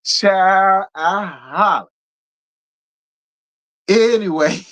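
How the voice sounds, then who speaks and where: Animated, gossipy man with a raised voice. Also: a little high, extremely slow, long pauses. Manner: animated, profane, gossipy, laughs often. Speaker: reality TV recap host. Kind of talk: casual live review commentary.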